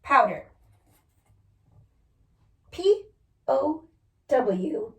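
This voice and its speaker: Slow, patient woman teacher spelling aloud. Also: on the high side, expressive, roomy sound. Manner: sounds out words letter by letter, patient. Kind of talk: spelling lesson for children.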